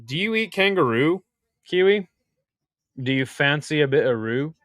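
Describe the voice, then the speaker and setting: Young male streamer, crude and jokey, slightly high, very animated delivery. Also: moderate pace, dry recording, clean studio sound. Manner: crude, excitable, joking with chat. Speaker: watch party host. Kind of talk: casual live-stream commentary.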